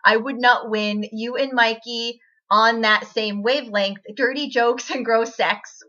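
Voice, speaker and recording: A giggly woman in her twenties rambles to camera and often pokes fun at herself. Her voice is bright and a little high, and the home audio sounds dull and lo-fi. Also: fairly even intonation, a little slow. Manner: giggly, rambling, self-deprecating. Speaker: vlogger. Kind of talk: casual chat to camera.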